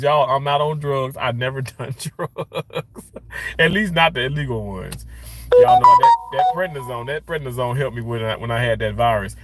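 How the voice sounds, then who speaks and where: A man's voice: mid-range voice, moderate pace, over loud music. A man ranting in a casual vlog from his car, frustrated and swearing as he rambles. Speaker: vlogger.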